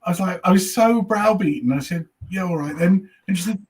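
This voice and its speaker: Husky-voiced man telling stories. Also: sits high, brisk, a little mellow. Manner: chatty storyteller, swears, acts out audience voices. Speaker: comedian guest. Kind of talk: casual chat, telling anecdotes.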